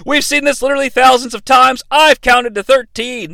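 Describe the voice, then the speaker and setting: A man's voice: very high-pitched, steady tone, normal speed, creaky, few pauses, bright, forceful tone, dry recording. A man hosting a podcast, giving a comedic play-by-play recap with sarcastic, profane asides. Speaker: podcast host recapping a wrestling event.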